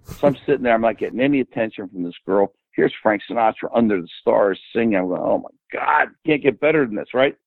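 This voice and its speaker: An older man as a podcast guest, rambling and animated as he tells stories and quotes people. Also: fairly low pitch, fast talker, vocal fry, no echo. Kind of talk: casual storytelling. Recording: tinny phone-like line.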